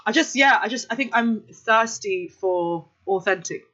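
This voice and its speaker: A woman from London, a DJ and actor, talking about her short film in a warm, hesitant way with many ums. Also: medium pitch, moderate pace, lo-fi sound. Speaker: guest, DJ and actor. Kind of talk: casual interview.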